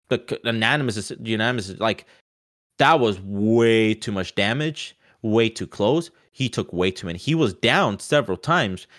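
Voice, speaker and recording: A man talking fast and loose in a casual sports chat, restarting his sentences and leaning on "like" as a filler. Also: on the low side. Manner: animated, restarts often, many "like" fillers.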